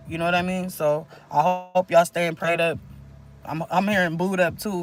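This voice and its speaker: A man's voice: sits high, fairly even intonation, moderate pace, a bit bright. A man in his thirties giving a casual spiritual pep talk on a phone livestream from a waterfront, rambling and often asking "you know what I mean". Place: outdoors at a waterfront.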